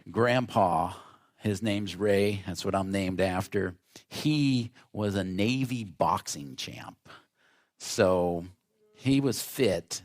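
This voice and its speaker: A male pastor delivering a sermon, telling family stories in an animated way and acting out the voices. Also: lowish voice.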